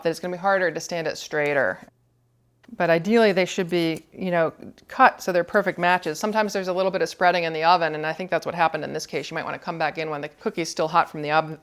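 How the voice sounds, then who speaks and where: A woman with a fairly low voice walks through a cookie decorating demonstration. She explains each step calmly as she works, thinking aloud about her choices. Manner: calm, explanatory, thinking aloud while working.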